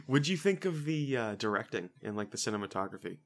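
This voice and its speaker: A man's voice: on the low side, sing-song, quick pace. A young man co-hosting a casual movie review podcast, rambling with frequent restarts and fillers. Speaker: podcast co-host.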